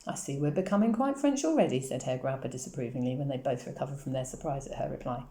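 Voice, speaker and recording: A man's voice: medium pitch, completely flat delivery, fast, mellow, voice pushed down, natural voice. A woman reading as a hearty Swiss village schoolmaster. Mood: disapproving. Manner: hearty, then disapproving. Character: enthusiastic older Swiss village schoolmaster man.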